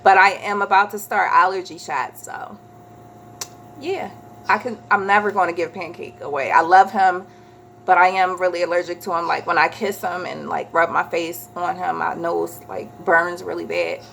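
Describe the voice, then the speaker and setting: A woman's voice: lowish voice, normal speed, vocal fry, a little hiss or hum. Chatty woman telling a storytime. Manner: chatty, animated retelling with voiced quotes. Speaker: vlogger. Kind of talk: casual storytime chat.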